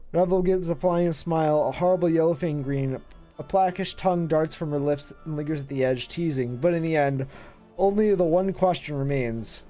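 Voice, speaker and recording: A streamer reading game text aloud on a live stream, in a low dramatic narrating voice with musing asides. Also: moderate pace, dark tone, faint music behind.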